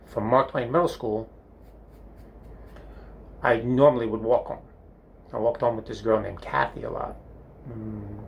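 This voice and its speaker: An older comedic storyteller, speaking from a bathroom, rambles about his school days with lots of fillers and self-amused chuckling. His voice is mid-range and creaky, and the audio sounds dull with a little hiss or hum.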